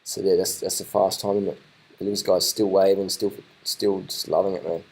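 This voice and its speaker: Brief: lower-voiced guy, loose off-the-cuff video commentary, excitable and repetitive, casual swearing. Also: moderate pace, slightly rough, rough recording. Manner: excitable, rambling, swears casually, repeats himself. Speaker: vlogger commenting on race footage.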